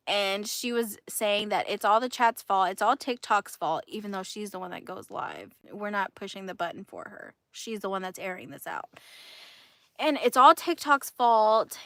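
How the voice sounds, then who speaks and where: A woman's voice: mid-range voice, a bit bright, dry recording, clean studio sound. A woman hosting a livestream, telling gossip in a casual, indignant way and laughing often. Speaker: livestream host.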